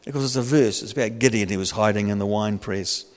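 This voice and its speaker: An older man preaching a sermon in a lively, humorous, conversational way. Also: lowish voice, quick pace, big-room sound. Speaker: pastor.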